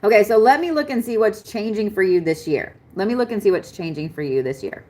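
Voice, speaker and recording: A woman giving a live-stream astrology reading in a chatty, excitable way, swearing casually. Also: mid-range voice, fairly quick. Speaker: astrology reader.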